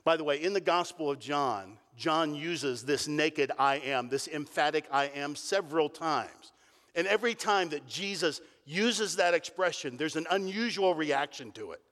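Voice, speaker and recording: A middle-aged pastor preaching with animated, emphatic delivery. His voice sits a touch high for a man, and it rings out with a long hall reverb in a church sanctuary. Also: moderate pace. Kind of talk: sermon.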